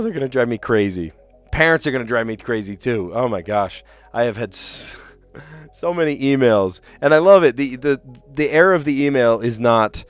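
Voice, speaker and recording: A man who teaches school, chatting casually on a live stream, his voice sore and hoarse, ranting with lots of fillers and restarts. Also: medium pitch, lively intonation, moderate pace, faint music behind.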